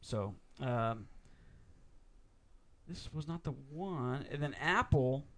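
A man's voice: medium pitch, expressive, slow pace. A man hosting a podcast, casually chatting and reading news items from notes. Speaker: podcast host.

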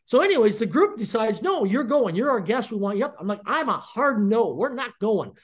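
A man's voice: very high voice, fairly quick, slightly rough. A middle-aged man, a podcast guest, telling a story with lots of energy and acting out the dialogue in it. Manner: animated, acts out quoted dialogue.

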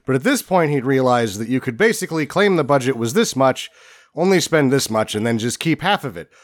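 A man's voice: medium pitch, brisk. A man co-hosting a comedy movie podcast, telling digressive stories in casual chat. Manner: storytelling, digressive, animated. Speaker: podcast co-host.

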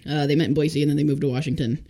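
Woman in her twenties, podcast guest, relaxed chatty testimony, lots of "like". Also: low voice, racing. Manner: chatty, full of fillers, acts out quotes. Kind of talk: casual testimony interview.

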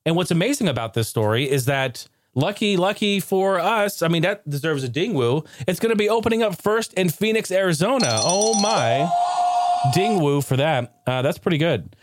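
On his solo podcast, a male host rambles through a funny story, laughing often and mimicking a shouting neighbor, before going over housekeeping. His expressive voice sits high and moves fairly quickly with hardly any pauses. Background noise is audible.

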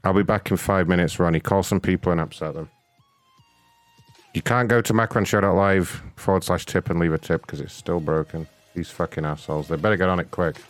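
A man's voice: low-pitched, fairly even intonation, fairly quick, no echo, faint music behind. A man hosting a prank call stream in casual banter, blunt and profane as he jokes with his co-hosts. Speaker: prank call show host.

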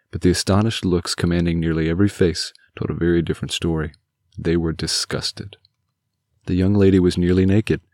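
A man reading a story aloud as scripted narration, with measured, dramatic storytelling. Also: low voice, a little mellow, no room sound, studio quality. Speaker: story reader.

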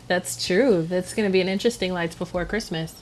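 A woman co-hosting a casual podcast, chatty and quick to laugh. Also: lowish voice, a little mellow. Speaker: co-host.

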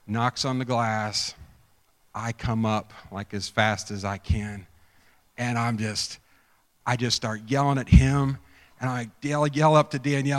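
A man preaching a sermon, telling a personal story with animated swings from hushed whispers to shouts. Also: medium pitch, a little slow, in a large hall. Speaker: pastor.

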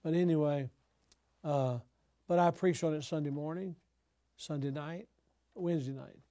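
An older man, a pastor, teaching other preachers in an emphatic style that breaks into sudden loud exhortations. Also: a little high, moderate pace, dry recording, clean studio sound.

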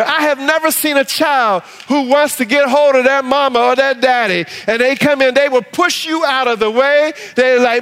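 A man preaching a sermon as pastor, animated, acting out little voices in his quotes, then dropping low and soft to read scripture. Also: moderate pace, hardly any pauses, clean tone, big-room sound. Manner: drops to a low soft voice when reading scripture.

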